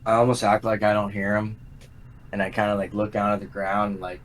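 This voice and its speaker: A man playing a tabletop game, describing his character's actions in a low-key way. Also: flat delivery, fairly quick, a little hiss or hum. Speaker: player.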